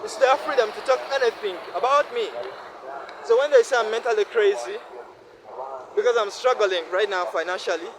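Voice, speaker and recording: A Ugandan man in his twenties vlogs outdoors beside a busy road, his fairly high voice riding over loud traffic noise. He speaks earnestly and repeats himself, often checking in with the listener. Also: normal speed. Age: 20s. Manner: earnest, repetitive, asks listener "no?". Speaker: vlogger. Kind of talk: casual vlog monologue.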